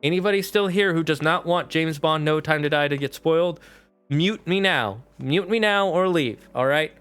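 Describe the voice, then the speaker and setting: A man's voice: fairly high pitch, moderate pace, fairly bright tone, clean tone. A man streaming live, chatting casually and animatedly with his viewers and mods. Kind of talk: casual livestream chat.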